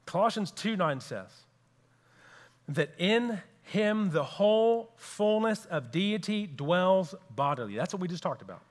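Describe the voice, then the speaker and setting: A man's voice: high-pitched, sing-song, measured pace, big-room sound. A man preaching a sermon as pastor, earnest and repeating key phrases for emphasis.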